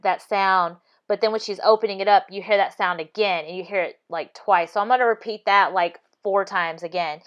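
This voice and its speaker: A woman giving casual commentary over video clips, talking insistently, repeating her points and restarting mid-sentence. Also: medium pitch. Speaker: video analysis vlogger.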